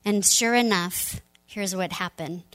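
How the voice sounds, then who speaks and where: A woman pastor giving a sermon, retelling a story in a conversational, animated way. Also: mid-range voice, measured pace, low-quality recording.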